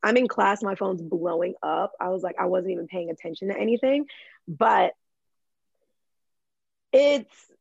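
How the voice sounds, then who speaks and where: In a dry, dull lo-fi recording, a young woman from Michigan chats with a gravelly edge to her voice. She restarts her sentences often and fills them with "like", in an easy, unscripted podcast style. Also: medium pitch, dry recording. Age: young adult. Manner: chatty, full of "like", quick restarts. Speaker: guest, social media creator. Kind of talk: casual podcast chat.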